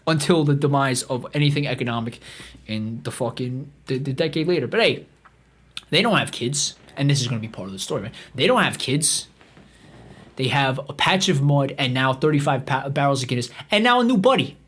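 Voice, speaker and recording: A man's voice: medium pitch, expressive, a little fast, a bit bright. A man hosting a comedy podcast, telling a meandering, profane story full of restarts and fillers. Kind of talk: rambling comic storytelling.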